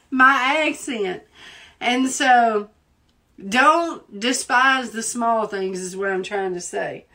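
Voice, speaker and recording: Slow tearful Southern woman praying. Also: fairly high pitch, a bit bright. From Southern United States. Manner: fervent, emphatic, repeats phrases for emphasis. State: tearful, holding back tears. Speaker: preacher. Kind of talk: live prayer and prophetic exhortation.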